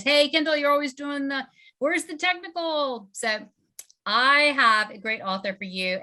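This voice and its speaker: A woman's voice: fairly high pitch, bright, forceful tone. A woman with a Southern US accent hosting a casual book club webinar, chatty and full of fillers. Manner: chatty, filler-heavy, laughing often. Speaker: host.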